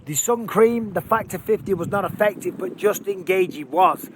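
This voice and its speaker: A man giving casual, energetic fight commentary while walking outdoors, out of breath. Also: sits high, moderate pace, slight background noise. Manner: energetic, chatty, emphatic. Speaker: MMA commentator. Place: outdoors by water at high elevation.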